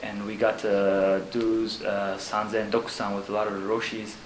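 A man, a Zen monk, talking casually about monastery life, halting with fillers and laughing as he tells stories. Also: lowish voice, flat delivery. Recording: echoey room with background noise.

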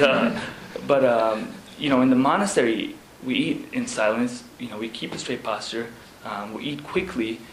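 A man, a Zen monk, talking casually about monastery life, halting with fillers and laughing as he tells stories. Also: medium pitch. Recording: echoey room with background noise.

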